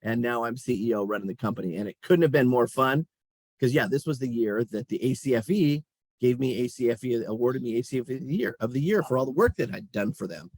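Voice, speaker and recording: A middle-aged CEO talks fast in a mid-range voice, telling lively stories about his career during a casual interview and chuckling as he speaks. There's no echo on the recording.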